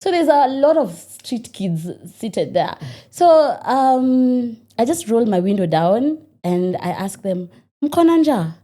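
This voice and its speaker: Animated Kenyan woman with a mellow voice. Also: on the high side, slow pace, few pauses. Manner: animated, laughs often while telling stories. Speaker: restaurant owner, guest. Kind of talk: casual storytelling interview.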